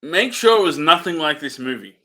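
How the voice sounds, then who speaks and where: A man co-hosting a movie review in easygoing, casual chat, often breaking into giggles. His voice sits high and swings widely in pitch. It has a bright, forceful ring. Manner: giggly, animated, quick to laugh. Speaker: co-host of a movie review show.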